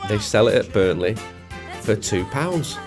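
A man's voice: fairly low pitch, animated, unhurried, over music. A man hosting a football podcast in casual, jokey chat. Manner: jokey, teasing. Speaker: podcast host.

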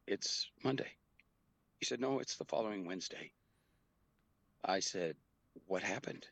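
A middle-aged man talks through a hard memory as an interview guest, earnest and halting. His voice sits very low with a gravelly fry and a husky edge. The sound is close and dry. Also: fairly bright tone, dry recording. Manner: earnest, halting, with quoted dialogue. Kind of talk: personal storytelling in an interview.

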